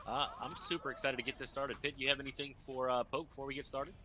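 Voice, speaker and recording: A man's voice: medium pitch, level tone, fast, pushed and bright, slight background noise. A man commentating a live speedrun race, upbeat and hyping up the viewers. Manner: upbeat, hype-building, talks to chat and runner.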